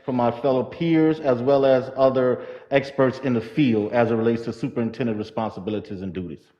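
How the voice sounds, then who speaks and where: A man serving as school superintendent speaks earnestly to a public board meeting, halting often with fillers and restarts. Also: medium pitch, fairly even intonation, mellow. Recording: reverberant hall with dull, muffled audio.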